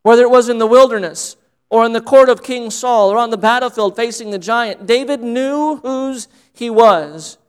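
Male pastor, sermon delivery, high clear voice, earnest with emphatic repetition. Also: moderate pace. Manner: earnest preaching, repeats phrases for emphasis.

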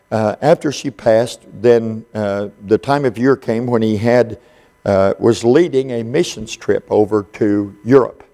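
Low gravelly preacher man, dark tone. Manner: unhurried, folksy, frequent "uh" and "you know". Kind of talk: conversational storytelling sermon.

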